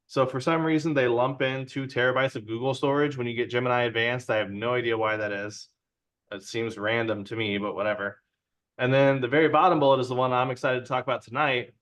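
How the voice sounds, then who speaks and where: A man presenting a casual tech talk to a user group over a video call. He sounds relaxed and chatty and keeps checking in with his listeners. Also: medium pitch. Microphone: video call from home.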